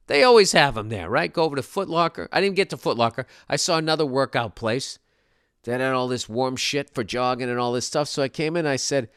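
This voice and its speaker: A man's voice: mid-range voice, expressive, normal speed, fairly bright tone, dry recording. Guy ranting on his podcast, swears a lot, fed up, dry close sound. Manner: profane, exasperated storytelling. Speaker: podcast host. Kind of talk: comedic monologue rant.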